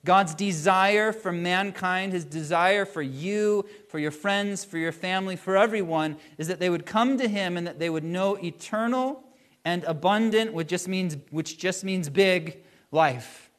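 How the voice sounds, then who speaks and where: A male pastor with a fairly high voice delivers a sermon. He speaks earnestly, slowing down to stress key phrases and letting his voice rise and fall. The tone is warm, sincere and steady.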